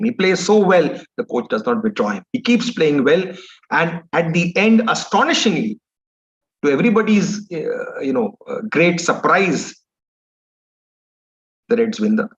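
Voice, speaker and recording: A man with an Indian English accent giving a motivational talk, telling an anecdote in a rambling, conversational way. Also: medium pitch. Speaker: motivational speaker. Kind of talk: storytelling lecture. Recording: dull lo-fi recording.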